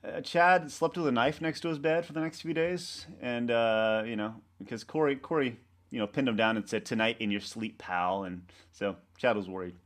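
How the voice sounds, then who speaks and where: A man, a website co-founder, talking in a casual interview, rambling and halting with many restarts and fillers. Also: medium pitch. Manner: animated storyteller acting out coworkers' lines.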